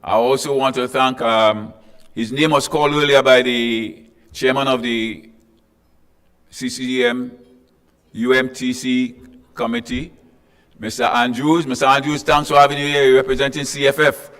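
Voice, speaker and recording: A man with a Tobagonian accent speaks at a middle pitch as the emcee of a formal panel event. He talks in a chatty, joking way, calling out to people in the crowd as he greets them. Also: flat delivery, unhurried, a bit bright, clean tone, big-room sound. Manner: chatty and joking, with asides to the audience. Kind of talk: ceremonial address with greetings. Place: hotel conference room.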